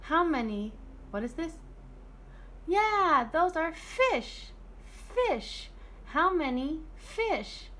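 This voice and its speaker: A woman teaching young children online, speaking in a slow sing-song way as she counts and praises. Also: high-pitched, pushed and bright. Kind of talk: online preschool lesson.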